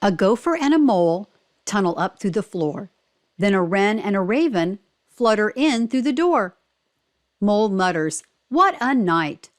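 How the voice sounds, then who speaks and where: A woman reading a picture book aloud for children, slow and clear, stopping to ask simple questions. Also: medium pitch, expressive, darkish tone.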